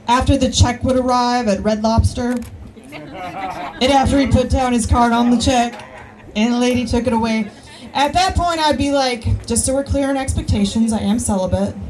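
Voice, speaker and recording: Female stand-up, slightly high voice, raunchy, loose, rambling delivery. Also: poor audio. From Alabama. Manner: brash, crude punchlines and rambling asides. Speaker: stand-up comedian. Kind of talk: stand-up comedy set. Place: live outdoor show with audience.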